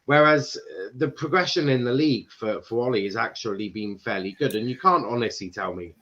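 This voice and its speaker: A man from Ireland hosts a casual football talk show and reads out comments from the chat. He laughs often and stumbles into quick restarts. His voice comes through a dull, lo-fi mic. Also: mid-range voice, fairly bright tone. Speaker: podcast host reading chat. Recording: dull lo-fi sound.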